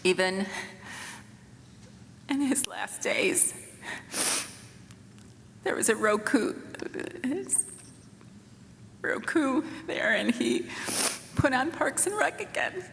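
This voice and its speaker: A woman in her sixties giving a eulogy for her son in a church, speaking in a tender, halting way with soft rueful laughs. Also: sits high, sing-song, vocal fry, a little hiss or hum. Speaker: mother of the deceased giving a eulogy. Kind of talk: memorial eulogy. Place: church sanctuary. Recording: reverberant church with faint room ambience.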